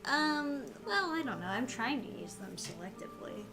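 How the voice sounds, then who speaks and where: A woman's voice: high voice, big pitch swings, normal speed. A woman casually thinking aloud about the game she is playing, in an easygoing manner. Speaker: player of the game. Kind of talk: casual let's-play commentary. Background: game music.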